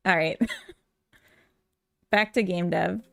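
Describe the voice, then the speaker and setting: A woman's voice: fairly low pitch, steady tone, drawn-out words, creaky, a bit bright, dry recording. A Minnesotan woman chatting casually with viewers on a live stream, rambling and giggling often. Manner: giggly, rambling, full of fillers. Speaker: live-streaming game developer.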